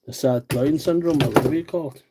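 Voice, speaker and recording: Hosting a repair livestream from County Derry, Northern Ireland, a man with a rural County Derry accent chats casually while fixing tools, rambling and self-deprecating. His voice is fairly high and quick, with heavy background noise.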